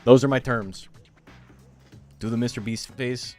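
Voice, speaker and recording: A man's voice: mid-range voice, fairly even intonation, unhurried, a little mellow, faint music behind. A young man chatting casually on a game stream, rambling with lots of fillers and frequent laughs. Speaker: streamer and game tournament host. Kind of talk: casual chat while streaming.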